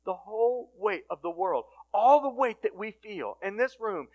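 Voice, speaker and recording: A middle-aged man giving a casual, animated sermon at a recovery ministry, swinging from hushed asides to loud emphatic points. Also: sits high, normal speed, hardly any pauses, highs cut off. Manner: casual conversational phrasing with restarts.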